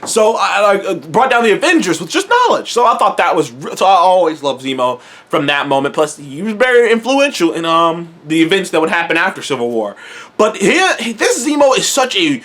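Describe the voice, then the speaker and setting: Man, young, casual show review, high bright voice, very lively, rambling, swears. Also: fairly quick. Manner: rambling, animated, swears freely.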